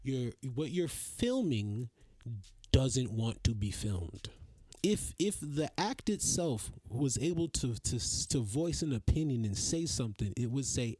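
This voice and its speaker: Profane, exasperated man ranting slowly. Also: mid-range voice, animated, mellow, dry recording, studio quality. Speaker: podcast host. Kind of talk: casual solo rant.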